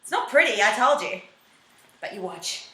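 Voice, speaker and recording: An Australian woman talking to camera in a comic confessional vlog, animated and jokey, now and then jumping into a squeaky high voice. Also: moderate pace. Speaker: vlogger.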